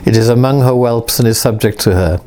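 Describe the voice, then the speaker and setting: A man reading aloud the lines of an ancient spirit who rules a world, in a stately, unhurried way. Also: medium pitch, warm tone, natural voice. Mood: explaining.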